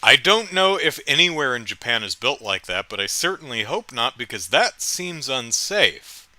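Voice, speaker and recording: A man's voice: mid-range voice, very animated, normal speed, bright, forceful tone, no room sound. A man hosting a casual solo podcast, recapping with wry, amused storytelling into a close mic. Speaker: podcast host.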